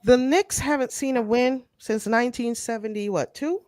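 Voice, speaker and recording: Emphatic high-voiced woman. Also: darkish tone, dry recording. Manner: emphatic, insistent, explains slowly. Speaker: podcast co-host. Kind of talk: heated casual sports debate.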